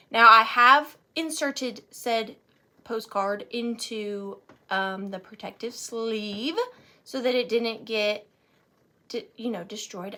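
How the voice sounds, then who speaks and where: A woman's voice: a little high, measured pace, pushed and bright. A woman running a live vintage auction, chatting playfully and counting down bids. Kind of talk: casual live sale chat.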